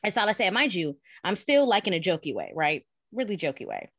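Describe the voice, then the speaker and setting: A woman in casual podcast chat, telling an animated, profane story with plenty of laughs. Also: fairly low pitch, brisk, no echo, studio quality. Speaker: podcast co-host.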